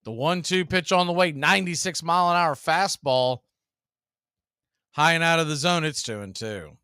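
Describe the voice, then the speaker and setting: A man doing live baseball play-by-play into a close, dry microphone. His voice sits a touch high and rings bright. He paces the call evenly, counting balls and strikes and tossing in dry jokes. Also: clear, resonant tone, no room sound. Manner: measured, calls each pitch and count, dry quips. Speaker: play-by-play announcer.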